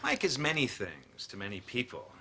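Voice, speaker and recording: An actor playing a pompous, condescending male news anchor with a deadpan delivery. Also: medium pitch, normal speed. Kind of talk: sitcom acting. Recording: noisy TV episode with clicks.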